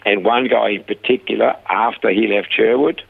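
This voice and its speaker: A man guest telling lively stories about his ministry, acting out the people he quotes, heard over a phone line. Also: lowish voice, moderate pace, gravelly, husky, dry recording. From Australia. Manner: animated storyteller, acts out quoted voices. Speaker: guest, rehab ministry founder. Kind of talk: conversational storytelling interview. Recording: dry phone-line sound.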